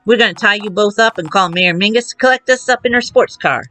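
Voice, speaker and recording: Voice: medium pitch, fast, sharp tone, no room sound, soft background music, lightly acted. A streamer voicing a pair of dimwitted small-time crooks with a slangy tough-guy drawl, reading game dialogue live. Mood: scheming.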